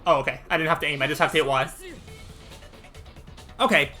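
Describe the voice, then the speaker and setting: A man's voice: a little high, brisk, faint music behind. A man hosting a let's play, casually commenting on a game and reading its text aloud as he plays. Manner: animated, thinks out loud.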